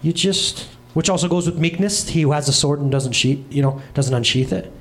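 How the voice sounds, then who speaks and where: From the stage of a church, a thirty-something male pastor delivers a comedic sermon, spinning stories with animated voices and quick side remarks. He speaks a little high.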